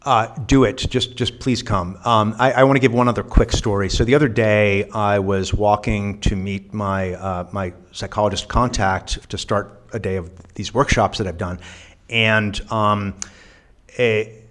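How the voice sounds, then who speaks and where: A man talks through his answers in a casual interview. His delivery is earnest and reflective, full of small restarts. His voice sits a little low. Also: fairly even intonation, a little slow, fairly bright tone. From New York. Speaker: guest, volunteer.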